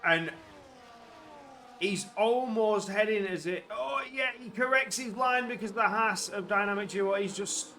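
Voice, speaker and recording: A man giving live commentary on an online sim race, getting loud and excited at crashes and overtakes. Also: high voice, measured pace, a little hiss or hum.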